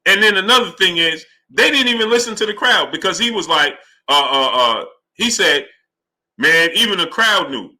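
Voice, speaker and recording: Hosting a live boxing talk stream, this man has a high voice and speaks at normal speed with hardly any pauses. He's heated and animated in his arguing and calls out viewers by name from the chat.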